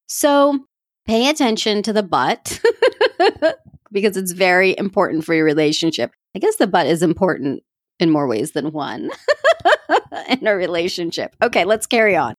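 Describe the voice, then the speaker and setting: A woman podcast host talks through advice in a relaxed, chatty way, breaking into laughter at her own slips. Her voice sits at an everyday middle pitch. She speaks close to the mic in a dry, dead-sounding space. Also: moderate pace, no room sound. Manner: chatty, laughs at herself often; coaching, addresses listeners directly. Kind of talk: casual self-help talk.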